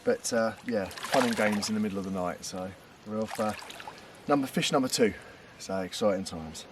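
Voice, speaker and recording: A man narrating a catch at a lake in the night, jokey and excited, chatting to the fish. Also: lowish voice, moderate pace, distant mic, noisy background. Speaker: angler. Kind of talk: casual vlog narration. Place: lakeside at night, outdoors.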